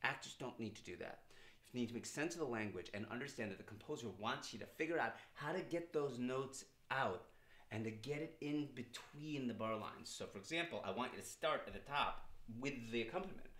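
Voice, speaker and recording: A man's voice: mid-range voice, animated, fairly quick. A middle-aged man, a composer, explains how to perform his score in an informal lesson, breaking into sung lines to demonstrate. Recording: roomy sound with loud piano playing.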